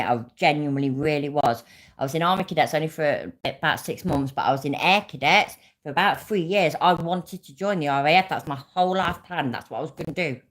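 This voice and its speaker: A British woman hosting a livestream, ranting angrily with heavy swearing and answering chat viewers by name. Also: sits low. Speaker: livestream host. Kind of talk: casual livestream rant.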